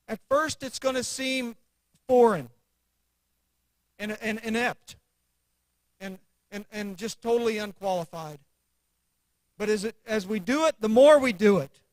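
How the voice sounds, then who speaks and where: A man's voice: high-pitched, dry recording, low-quality recording. A man teaching an adult church class, earnestly repeating declarations with conviction before leading a prayer.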